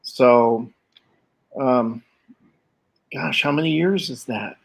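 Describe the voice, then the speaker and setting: An older man in conversation, spinning stories from his own life with animated energy. He slips into quoted voices and laughs as he goes, with pauses and restarts. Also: medium pitch, gravelly, poor audio. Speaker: guest artist. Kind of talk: conversational interview storytelling.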